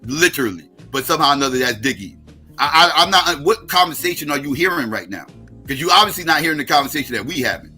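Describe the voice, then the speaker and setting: A man's voice: a little high, expressive, fast talker, sharp tone, soft background music. A middle-aged American man hosting a livestream, ranting in a heated, profane, combative way. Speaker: livestream host.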